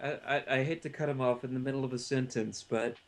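A man's voice: mid-range voice, steady tone, fast. Man, podcast co-host, casual film chat, laid-back, stammers and restarts phrases.

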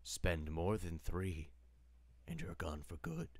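A man voicing Death, a skeletal male spirit, speaking in a low, hushed, menacing voice. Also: big pitch swings, takes it slowly, no room sound, exaggerated voice. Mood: ominous.

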